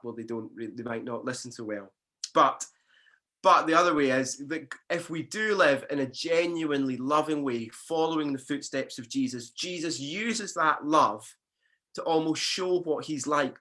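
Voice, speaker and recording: A man delivering a sermon as a pastor in an easy, conversational manner. He often restarts his phrases and fills pauses. His voice is bright and forward. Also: medium pitch.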